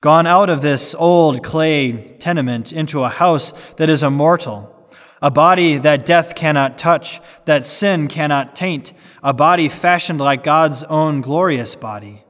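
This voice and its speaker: A man's voice: fairly high pitch, measured pace, fairly bright tone. Man preaching earnestly with long reverb. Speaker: sermon reader. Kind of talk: reading a 19th-century sermon aloud.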